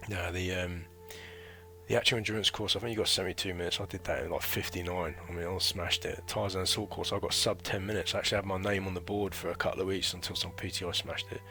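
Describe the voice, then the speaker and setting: A man's voice: low-pitched, fairly even intonation, quick pace, sharp tone, soft background music. A man in his thirties telling a chatty, rambling story about his military training in a casual vlog. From United Kingdom. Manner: rambling and chatty, full of fillers and slang. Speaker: former recruit recounting training.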